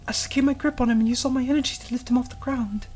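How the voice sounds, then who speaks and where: Woman voicing a tender devoted young woman, high voice, soft hushed visual novel narration. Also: fairly even intonation, racing, faint music behind, natural voice. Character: Yuri, gentle devoted young woman comforting her love.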